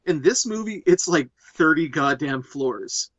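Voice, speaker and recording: Animated, profane man on a lo-fi mic. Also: fairly high pitch, unhurried, dry recording. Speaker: podcast host. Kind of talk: casual movie commentary.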